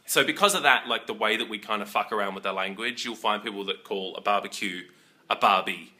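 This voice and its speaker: A man with an Australian accent chatting casually to camera in a joking, animated way. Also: lowish voice, brisk. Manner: chatty, joking, animated with playful mock voices. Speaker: vlogger.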